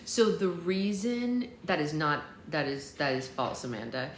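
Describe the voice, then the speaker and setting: A woman's voice: low voice, very animated, a little slow, roomy sound, slight background noise. Chatty woman hosting a livestream. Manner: chatty, reads out viewer comments, playful mock-boasting. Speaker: livestream host. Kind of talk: casual livestream chat.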